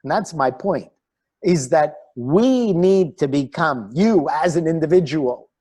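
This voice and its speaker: Husky, lively man coaching. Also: on the high side, unhurried. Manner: animated, laughs between points, acts out quoted lines. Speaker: relationship coach. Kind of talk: online evening talk on relationships.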